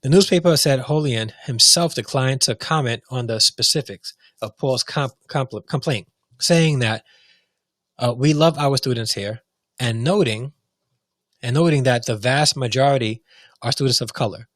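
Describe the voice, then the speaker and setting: A man's voice: mid-range voice, moderate pace, a bit bright, no room sound. Fired-up man ranting into a dry mic. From United States. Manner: heated, repetitive, restarts often. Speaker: show host. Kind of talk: impassioned commentary.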